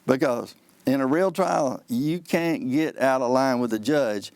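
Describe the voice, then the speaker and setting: A man, a trial lawyer explaining how trials work on a call-in show, in a folksy, animated way that acts out courtroom exchanges. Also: mid-range voice, a little slow, gravelly, no echo.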